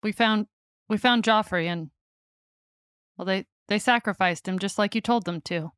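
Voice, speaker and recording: A woman voicing a sly man rogue in a woman's disguise, speaking in brisk, wry, prodding questions. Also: medium pitch, fairly bright tone, clear, resonant tone, dry recording, clean studio sound, natural voice.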